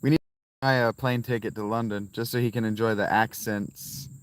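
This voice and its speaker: A man's voice: fairly low pitch, fairly even intonation, a little fast, a little hiss or hum. Chatty man in his fifties, livestreaming outdoors. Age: 50s. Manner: rambling, chatty, reads out viewer names. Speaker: livestream host. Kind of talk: casual livestream chat with viewers. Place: outdoors by a fountain. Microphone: phone.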